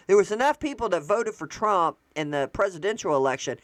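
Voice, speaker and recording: A woman hosts a casual solo commentary, thinking out loud as she goes. She doubles back and fixes her sentences all the time. Her voice sits in a middle pitch, and the recording is dry and close. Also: no echo. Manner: rambling and conversational, with frequent restarts and self-corrections. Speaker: show host.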